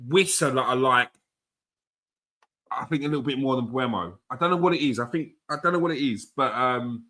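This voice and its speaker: Football podcast host, relaxed and thoughtful, bright clear tone. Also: male voice, medium pitch, fairly quick. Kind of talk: casual football chat.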